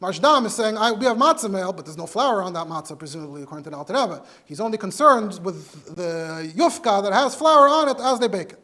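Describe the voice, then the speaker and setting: High-voiced rabbi teaching a class. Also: male voice, lively intonation, brisk, few pauses, bright, forceful tone. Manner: explanatory, mixes Hebrew and Yiddish terms into English. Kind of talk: Torah lecture.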